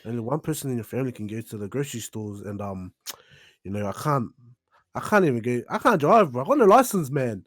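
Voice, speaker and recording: A man's voice: mid-range voice, animated, fast. A young man with a New Zealand accent chatting as a podcast guest, laughing, swearing and playful. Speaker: guest musician. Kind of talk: casual podcast chat.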